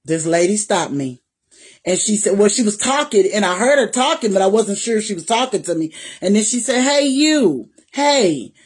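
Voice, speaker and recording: A woman's voice: medium pitch, animated, brisk, darkish tone, breathy edge. A woman vlogger speaking straight to her viewers in a personal testimony, faith-filled and encouraging, repeating phrases for emphasis. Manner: talks directly to viewers.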